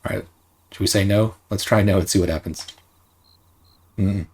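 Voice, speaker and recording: A man's voice: low voice, steady tone, normal speed, darkish tone, breathy edge. A man casually commentating a video game, jokey and often laughing at it. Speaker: let's play host. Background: faint game music.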